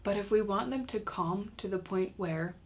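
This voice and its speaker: A woman's voice: mid-range voice, normal speed, a little mellow. A woman teaching a recorded parenting lesson in a casual, chatty way with self-mocking humor.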